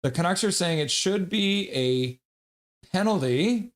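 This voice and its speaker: A man's voice: sits high, expressive, a little slow. A man casually calling a hockey game play-by-play on a live stream, reading chat and laughing along. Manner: chatty, reads chat messages aloud, laughs often.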